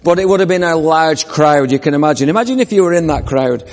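Man, preacher, fairly high voice, storytelling sermon, long hall reverb. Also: expressive, fast. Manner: storytelling, asks the congregation questions.

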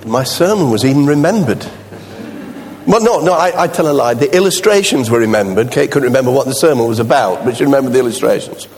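A man's voice: mid-range voice, animated, quick pace, a little mellow, a little hiss or hum. A man preaching a chatty, self-deprecating sermon as a visiting preacher, with many restarts. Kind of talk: sermon with anecdotes. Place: church. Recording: long hall reverb.

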